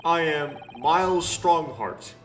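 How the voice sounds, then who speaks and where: A man voicing a pompous, self-important senior judge who speaks slowly and grandly, over game music. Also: on the high side, pitched above the performer's own voice. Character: pompous tardy lord chief justice, older man. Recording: game music playing underneath.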